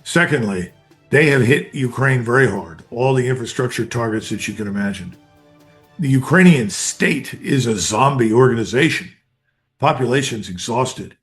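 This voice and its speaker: A man's voice: mid-range voice, animated, normal speed, faint music behind. An older man, a retired army colonel, giving blunt, emphatic analysis in an interview, speaking in short declarative bursts.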